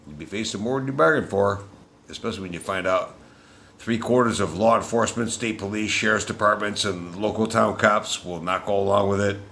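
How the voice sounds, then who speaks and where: A man delivering an angry, profane political rant as a vlogger, shouting at times. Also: lowish voice, fairly quick, creaky, a little hiss or hum.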